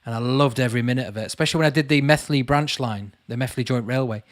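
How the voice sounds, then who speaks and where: A man hosts a casual livestream, chatting with viewers, calling them "mate," and reading their comments aloud as a channel host answering live chat. His mid-range voice moves fast, in clean studio sound with no room sound.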